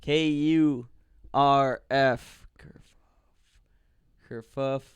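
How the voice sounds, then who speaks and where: A man talks slowly in casual podcast banter, stopping often as he sounds out letters. His voice is very clear and crisp. The sound is dry and close, with no room echo. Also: mid-range voice, fairly even intonation. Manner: slow, halting spelling out loud, sweary.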